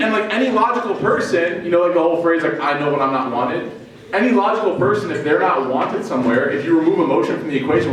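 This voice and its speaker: A man's voice: fairly high pitch, slight background noise. A man from Chicago teaching Islamic studies to college students in a casual storytelling way, acting out the dialogue of the people in his story and joking with the audience. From Chicago, United States. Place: lecture room with a student audience. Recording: very echoey room, mic at a distance.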